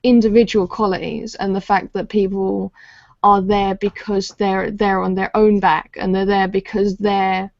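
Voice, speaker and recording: A woman's voice: medium pitch, level tone, unhurried, creaky, darkish tone, no echo, highs cut off. A woman co-hosting a podcast as a comic artist, chatting casually while she draws, often laughing and restarting her sentences. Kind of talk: casual chat while drawing.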